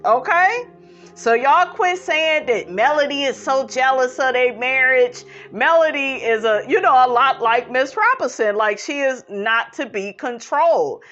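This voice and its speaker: A woman's voice: high voice, fairly bright tone. A woman, giving sassy casual commentary and reading out viewer comments, calling her viewers honey. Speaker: commentary host.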